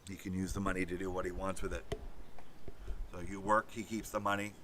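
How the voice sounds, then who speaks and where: A low-voiced man talking off the cuff as host. His tone is forceful and tight. He rambles, swears freely and fills gaps with ums and uhs. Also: level tone, fairly quick, slight background noise. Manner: rambling, profane, many fillers. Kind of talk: casual monologue.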